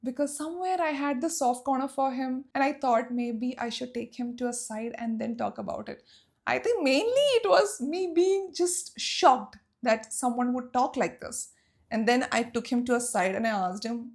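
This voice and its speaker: A woman's voice: high-pitched, lively intonation, moderate pace, a little mellow. A young woman from Saudi Arabia telling a personal story in a storytime vlog, emotional and emphatic. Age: young adult.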